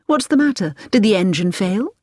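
A woman's voice: medium pitch, lively intonation, normal speed, warm tone, dry recording, clean studio sound, voice pushed up, close to an everyday voice. A woman reading the lines of a puzzled young Englishwoman traveller, asking anxious questions.

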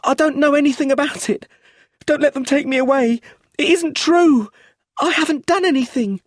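A man's voice: very high voice, moderate pace, dry recording, clean studio sound, voice pushed up. A man doing a screaming hysterical woman. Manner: screaming, sobbing pleas. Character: hysterical young woman, terrified under arrest.

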